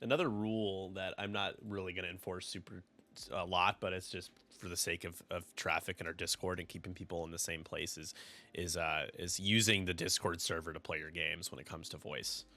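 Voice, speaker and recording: A man's voice: low-pitched, steady tone, fairly quick, pushed and bright. A young man casting a tabletop game match in a casual, joking way, laughing often and rattling off upgrade lists. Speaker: game commentator.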